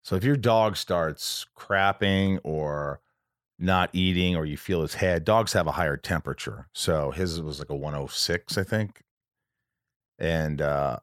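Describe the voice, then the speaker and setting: A man with a very low, deep voice hosts a podcast, recorded close and dry. He talks casually and earnestly, rambling through a personal story with an emotional edge and frequent restarts. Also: measured pace, no echo. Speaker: podcast host.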